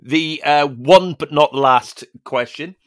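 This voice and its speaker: A man's voice: fairly high pitch, slow pace, clear, resonant tone, no room sound. A man from Ireland, hosting a comedy interview podcast with a dry, teasing delivery. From Northern Ireland. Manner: deadpan, teasing. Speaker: podcast host.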